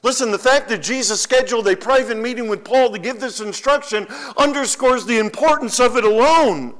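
A man's voice: very high-pitched, lively intonation, moderate pace, few pauses, a bit bright. A man preaching a sermon as pastor, emphatic and repeating key phrases for weight.

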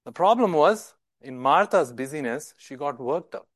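A man's voice: a little high, lively intonation, moderate pace, no echo. A male preacher giving a sermon in an emphatic way, often repeating words and asking rhetorical questions.

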